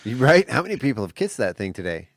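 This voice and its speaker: A man co-hosting a radio morning show, chatty and quick to laugh, telling stories and reading facts. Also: medium pitch, sing-song, no room sound. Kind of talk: casual radio banter. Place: radio studio. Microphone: studio microphone.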